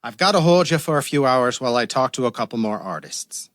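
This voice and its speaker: A man voicing a shrewd detective in a radio mystery, calm and wry as he presses a suspect. His voice sits in a middle register, recorded close and dry. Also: medium pitch, fairly quick, no echo, lightly acted. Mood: pressing. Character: shrewd, dry-witted male police detective. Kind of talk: radio theater acting.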